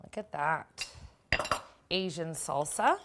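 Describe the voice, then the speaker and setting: A woman's voice: low-pitched, expressive, slow pace, gravelly, background noise. A woman hosting a cooking show, chatting in an upbeat way as she works through a recipe. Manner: chatty, upbeat, talks while working. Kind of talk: casual cooking demonstration.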